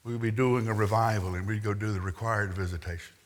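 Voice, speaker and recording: A man's voice: fairly low pitch, steady tone, brisk. A man preaching a sermon, telling the story with wry asides and acting out the quotes. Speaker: pastor. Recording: long reverb in a large hall.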